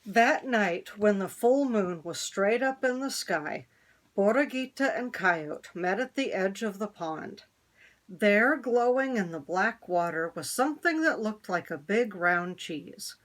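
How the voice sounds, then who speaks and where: A woman reads a children's picture book aloud, unhurried and expressive. Her voice sits in a middle pitch and lingers over each line. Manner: expressive, slow read-aloud. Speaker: storyteller.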